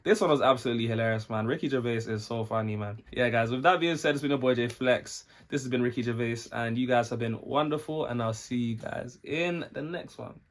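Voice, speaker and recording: A man's voice: mid-range voice, fairly quick, hardly any pauses. A man hosting a reaction video, commenting casually and talking to his viewers. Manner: laughing, chatty, addresses viewers.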